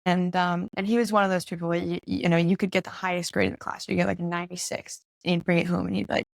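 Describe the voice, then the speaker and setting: A young woman talks through her story as an interview guest, chatty and quick to laugh, slipping into the voices of the people she quotes. Her voice sits low and has a gravelly fry to it, and the sound is dry and close. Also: little pitch movement, dry recording. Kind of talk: casual interview conversation.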